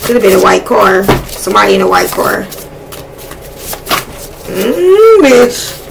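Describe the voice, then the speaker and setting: Profane, excitable woman tarot reader. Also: medium pitch, fast talker, vocal fry, noisy background. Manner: profane, blunt and excitable, talking to spirit. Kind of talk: casual live tarot reading.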